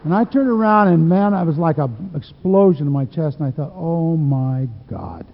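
Male pastor, slightly high voice, folksy sermon storyteller who restarts often; long hall reverb. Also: brisk, dull audio. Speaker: preacher. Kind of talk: sermon with personal stories.

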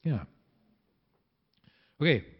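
A man preaching a sermon in a church, talking conversationally and often restarting his sentences. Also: highs cut off. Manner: conversational, halting with many restarts. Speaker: pastor.

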